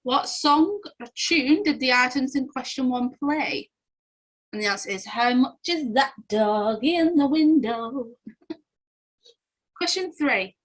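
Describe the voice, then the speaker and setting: Giggly young Englishwoman, a bit higher voice, quiz host reading answers off casually. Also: bright, forceful tone, low-quality recording. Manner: giggly, chatty, often breaks into laughter.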